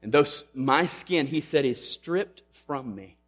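A man preaching a sermon, emphatic, rising loud on questions and dropping to a hush on key lines. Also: medium pitch, animated, unhurried. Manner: emphatic, swings between loud and hushed. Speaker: pastor.

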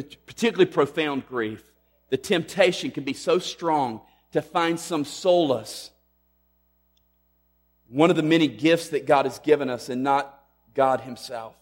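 Male pastor, sermon delivery, emphatic with hushed drops, faint music underneath. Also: fairly high pitch, a little slow, long pauses. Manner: emphatic, swings between loud and hushed.

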